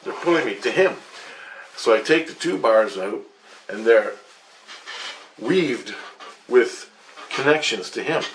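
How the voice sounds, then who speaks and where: A man's voice: medium pitch, echoey room, a little hiss or hum. A man vlogging a rambling account of a dream, repeating himself, restarting sentences and swearing often. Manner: repetitive with restarts and frequent swearing.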